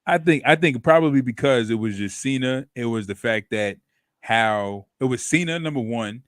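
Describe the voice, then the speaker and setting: A man in casual talk, his mid-range voice relaxed and rambling. The sound is close and dry, without room echo. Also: medium pitch, moderate pace. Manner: rambling, fills with "yo" and "like". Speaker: podcast co-host. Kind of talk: casual chat.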